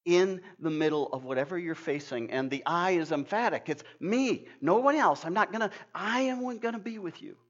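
A man's voice: high voice, expressive, moderate pace, hardly any pauses, a bit bright. Earnest older man preaching, lo-fi. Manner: earnest, emphatic preaching with restarts. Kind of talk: sermon with storytelling. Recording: dull lo-fi sound.

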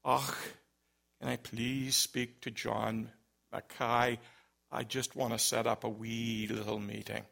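Guy doing a stammery scottish caller, soft and gravelly, bright tone. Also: medium pitch, level tone, slow pace, voice pushed down, heavily acted. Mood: hesitant pleading. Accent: put-on Scottish. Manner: hesitant, stammering, soft-spoken. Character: bumbling Scottish man on a phone call.

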